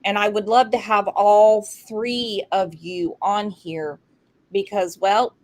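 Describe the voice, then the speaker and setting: A woman's voice: medium pitch, steady tone, slow, a little mellow. A woman hosting a true crime livestream, interviewing a guest in an effusive, encouraging way. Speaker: true crime channel host.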